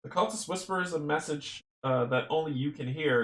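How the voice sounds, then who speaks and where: A man talks his way through a solo board game, reading out the game text and chuckling to himself. His voice sits at an average pitch. The room around him gives it a noticeable echo. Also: normal speed, few pauses. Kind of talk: playthrough narration, reading game text aloud. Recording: roomy echo.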